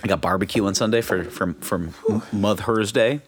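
A young man co-hosting a podcast, telling a story in casual chat and breaking into high impressions and bursts of laughter. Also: steady tone, brisk, a little hiss or hum. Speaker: podcast co-host.

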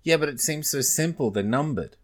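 A man co-hosting a casual podcast, chiming in with quick comments and laughing along. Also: fairly high pitch, animated. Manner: chatty interjections, laughs along. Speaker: podcast co-host. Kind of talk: casual chat.

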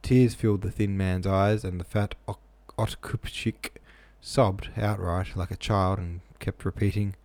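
A man's voice: low voice, fairly even intonation, a little slow, hardly any pauses, darkish tone, dry recording. A man reading a novel aloud, plain with casual asides, close-miked in a small room. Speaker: reader.

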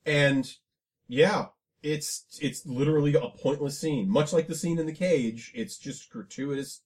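A man's voice: fairly high pitch, measured pace. A man co-hosting a podcast, rambling casually about a movie with plenty of fillers and restarts. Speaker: podcast co-host.

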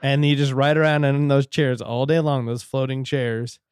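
A man's voice: mid-range voice, flat delivery, normal speed, a little mellow, clean tone, dry recording. A man with a mid-range voice trades jokes on a casual comedy podcast, riffing on silly ideas. The sound is dry and close. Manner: jokey, laughs between lines. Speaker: podcast co-host. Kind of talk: casual chat.

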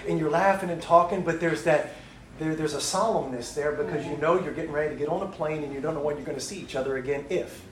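High-voiced man preaching in an echoey church. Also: quick pace, slight background noise. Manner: rhythmic, emphatic lists with dramatic swings from loud to hushed. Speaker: missionary preacher. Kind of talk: sermon.

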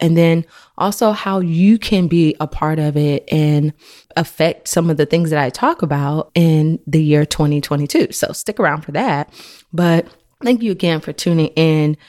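A woman with a low, full voice hosts a faith podcast. She tells a personal story in an earnest, conversational way, like she is talking to a friend. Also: darkish tone. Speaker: podcast host.

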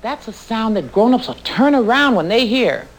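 A woman's voice: fairly high pitch, very animated, normal speed. A woman patiently explaining and demonstrating in a scripted instructional clip.

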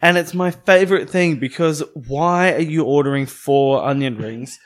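A man's voice: a little high, normal speed. A man co-hosting a podcast, bantering in a playful, wry way. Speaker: podcast co-host. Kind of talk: casual chat.

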